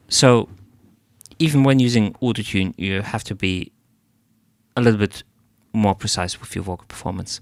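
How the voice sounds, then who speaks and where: A man hosting a live stream who critiques a listener's song in an analytical way. He often pauses to search for the right word. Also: on the low side, over music. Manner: analytical, searches for words, hums melodies to demonstrate. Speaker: music feedback streamer.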